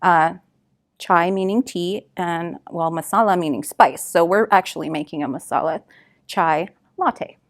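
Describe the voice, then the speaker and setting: A woman working as a community food associate, giving a relaxed step-by-step drink-making demonstration with frequent fillers. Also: on the low side, measured pace. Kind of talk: cooking demonstration.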